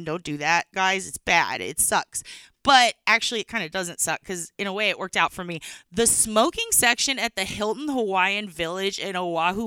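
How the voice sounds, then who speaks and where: A woman's voice: mid-range voice, sharp tone, clean tone, no room sound. A woman from Texas telling rambling comic stories as a stand-up comedian, laughing between lines. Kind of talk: storytelling stand-up.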